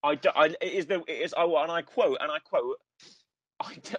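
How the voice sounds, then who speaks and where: A man's voice: on the high side, normal speed, husky, no echo, highs cut off. A man co-hosting a casual film podcast, rambling with frequent ums and restarts. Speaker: podcast co-host.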